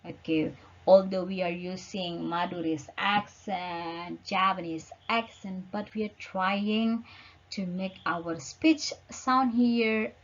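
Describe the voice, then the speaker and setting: Husky woman lecturer, slow and searching for words, on a dull lo-fi recording. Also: medium pitch, fairly even intonation. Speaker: teacher. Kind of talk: online lecture.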